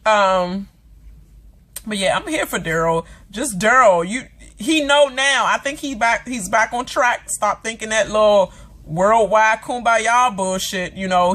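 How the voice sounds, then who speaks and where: A woman's voice: mid-range voice, fairly bright tone. A woman vlogger giving a casual, dramatic reaction rant about a TV episode, swearing freely and acting out the characters. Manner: chatty with many fillers and asides.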